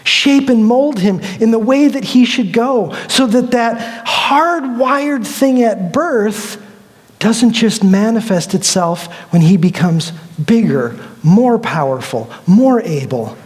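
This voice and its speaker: A man's voice: high voice, expressive, takes it slowly, long reverb tail. A male pastor preaching a sermon in a conversational, storytelling way, acting out quotes as he goes. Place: church sanctuary.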